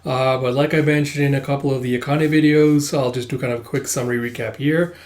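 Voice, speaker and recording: A man's voice: mid-range voice, fast. Chatty man hosting a manga readthrough. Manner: relaxed, filler-heavy chatter. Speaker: host.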